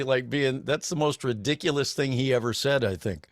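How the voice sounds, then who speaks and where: A man's voice: mid-range voice, unhurried, no room sound, clean studio sound. A middle-aged man, a voice actor, telling stories as a guest on a video call, with many restarts and laughs. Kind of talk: casual convention interview.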